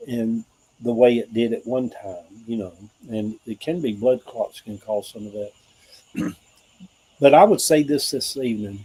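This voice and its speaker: A man's voice: medium pitch, measured pace, mellow, husky, rough recording. A middle-aged man with a Southern US accent, hosting a livestream and talking earnestly about hope and faith, rambling in a preacher-like way with asides to viewers. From American South. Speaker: livestream host. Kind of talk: informal spiritual livestream talk.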